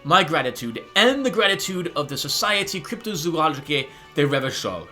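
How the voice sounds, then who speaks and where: A man's voice: fairly high pitch, big pitch swings, a little fast, over music. A man reading an earnest, proud cryptozoologist. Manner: reading game dialogue aloud.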